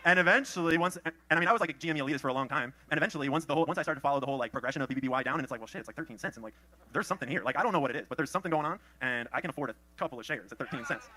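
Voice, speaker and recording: A man's voice: fairly high pitch, rapid-fire, sharp tone. A man in casual live-stream chat, rambling and profane.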